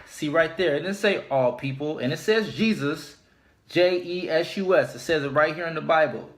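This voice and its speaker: A man teaching scripture informally, speaking deliberately and repeating his key points for emphasis. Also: fairly high pitch. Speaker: religious teacher.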